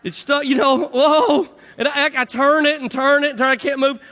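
A middle-aged man with a strikingly high voice tells a story to an audience, lively and full of acted-out sound effects. His voice rings with the long reverb of a large hall. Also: fast talker. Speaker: speaker telling a personal story.

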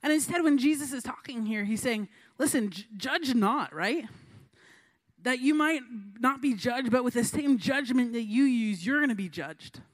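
Young woman, high-pitched, chatty, casual sermon, lots of fillers. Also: animated, moderate pace. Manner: chatty, lots of fillers and likes, acts out voices in stories. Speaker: youth pastor.

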